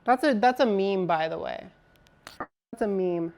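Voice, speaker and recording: Woman streamer, unhurried and chatty, talks to chat mid-build, mid-range voice. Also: mid-range voice, a little mellow. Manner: swears casually. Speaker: live streamer. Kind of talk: casual live-stream chat.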